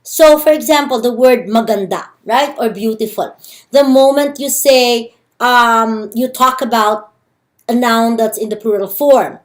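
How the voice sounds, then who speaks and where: A woman with a Filipino accent giving a recorded language lecture, explaining grammar slowly and carefully with repeated examples. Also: a little high. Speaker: language teacher.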